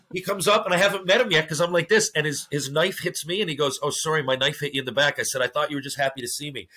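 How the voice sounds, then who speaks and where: A man's voice: on the high side, sharp tone. A man, a former hockey player turned actor, telling stories in a casual podcast interview, acting out other people's lines and swearing freely.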